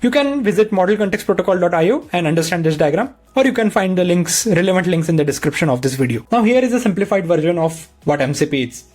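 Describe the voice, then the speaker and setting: A man presenting a screen-recorded software tutorial, explaining each step in a plain, patient way into a desk microphone. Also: sits high, animated, fast talker, hardly any pauses, faint music behind.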